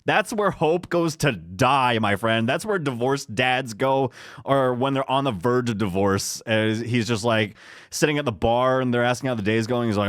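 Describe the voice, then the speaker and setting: Male podcast co-host, clear tone, dry close mic, joking and teasing. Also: mid-range voice, moderate pace, fairly bright tone, dry recording. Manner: joking, mock-judgmental banter. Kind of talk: casual comedic chat.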